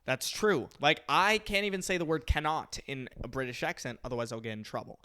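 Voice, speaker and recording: A man's voice: a little high, brisk, clear, resonant tone. A young man, a comedian co-hosting a podcast, telling an anecdote in casual chat and acting out the people he quotes. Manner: animated storyteller who acts out quotes.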